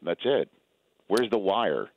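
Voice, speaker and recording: A man's voice: low-pitched, very animated, slow pace, gravelly, highs cut off. An American man, a sports broadcaster, chatting as a radio guest in a joking, rambling way with many restarts. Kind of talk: casual radio interview chat.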